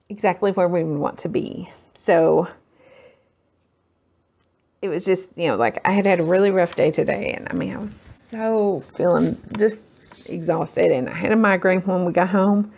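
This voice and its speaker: Chatty woman with a gravelly edge. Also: fairly low pitch, darkish tone. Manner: rambling, self-deprecating, talks while working. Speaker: crafting tutorial host. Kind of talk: casual chatty crafting tutorial.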